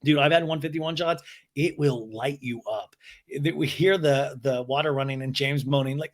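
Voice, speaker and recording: A male podcast host giving a comedic, profane recap, animated and mimicking the people he quotes. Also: medium pitch, moderate pace.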